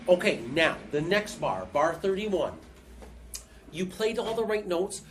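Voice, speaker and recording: A woman's voice: lowish voice, lively intonation, a little slow. A woman teaching piano over a video call, patiently counting beats aloud and scatting rhythms. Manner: patient, encouraging. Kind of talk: online music lesson.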